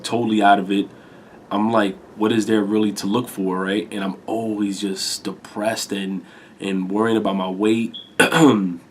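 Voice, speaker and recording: Man in his 20s, stuffy nose, low energy, lowish voice, rambling confessional vlog talk, casual swearing. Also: a little hiss or hum. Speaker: YouTuber talking to camera. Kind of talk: candid personal talk.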